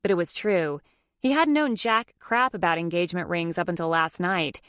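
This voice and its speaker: A woman's voice: lowish voice, moderate pace, fairly bright tone, smooth, no room sound, clean studio sound. Woman narrating an audiobook romance. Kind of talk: scripted narration.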